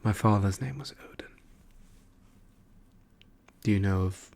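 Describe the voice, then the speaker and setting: A man voicing a male trickster god turned weary file clerk, in soft, wry whispered role-play. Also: on the low side, unhurried, vocal fry, a little hiss or hum. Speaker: ASMR performer.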